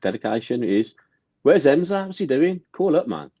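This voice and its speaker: A man's voice: mid-range voice, very animated, moderate pace, dark tone, breathy edge, no room sound, muffled recording. A man co-hosting a casual fan podcast, jokey and full of banter and firm opinions.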